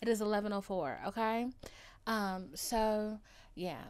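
A woman hosting her own podcast in casual chat, overdramatic and playful, loopy and tired late at night, dropping to hushed asides and then rising to loud declarations. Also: medium pitch, steady tone, a little slow, clear, resonant tone. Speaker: podcast host.

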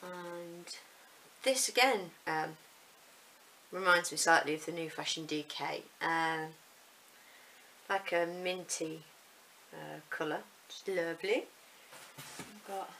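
Chatty woman, bright voice. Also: lowish voice, gravelly, slight background noise, poor audio. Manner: chatty, rambling, self-deprecating. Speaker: vlogger showing yarn. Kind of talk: casual unboxing chat.

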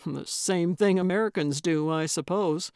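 A woman's voice: on the low side, moderate pace, darkish tone, dry recording, lightly acted. A woman voicing a patient, mildly skeptical male police officer with a dry manner in an audiobook. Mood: wry.

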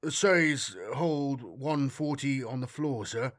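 A man's voice: mid-range voice, slow, fairly bright tone, no echo. A young male patrol trooper, easygoing and faintly amused, speaking in an offhand, casual way, as a man reads him. The recording is close and dry, with no room around the voice. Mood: wry. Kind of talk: audiobook character voice.

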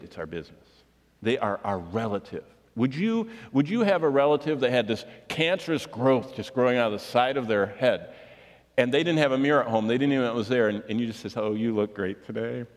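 Earnest male preacher in a reverberant hall. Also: medium pitch. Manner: earnest, emphatic preaching with rhetorical questions. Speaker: pastor. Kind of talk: sermon.

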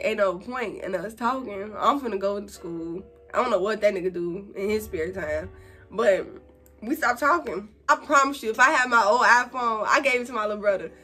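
A young woman vlogger telling a casual story while doing her makeup, animated and slangy, acting out quotes in a higher voice. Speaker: beauty vlogger.

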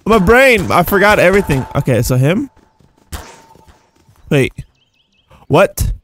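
A young man giving casual, rambling gameplay commentary as a YouTuber, excitable and jumping between high and low. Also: slow pace, pauses often, slight background noise. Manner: excitable, rambling, jumpy pitch swings. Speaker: gaming YouTuber.

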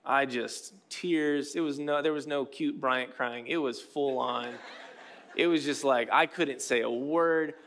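Speaking slowly and without rush, a pastor in his thirties delivers a sermon in a fairly bright, mid-range male voice. The tone is casual and self-mocking, with frequent filler words and restarts.

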